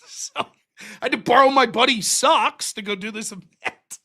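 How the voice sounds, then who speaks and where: An American man hosting his live stream, telling stories in a profane, animated way. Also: very high voice, moderate pace, vocal fry. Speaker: streamer and show host. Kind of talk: casual livestream monologue.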